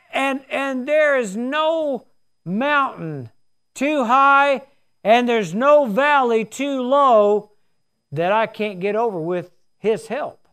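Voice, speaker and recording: A man's voice: very high-pitched, expressive, slow pace, a bit bright, smooth. A man in his sixties preaching a sermon, telling his story in a folksy, earnest way. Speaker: pastor.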